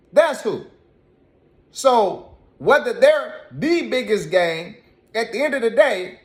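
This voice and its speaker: A man hosts a reaction commentary with a high, animated voice. He scolds his subject with emphatic repetition. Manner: scolding, emphatic, repeats phrases. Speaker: commentary host.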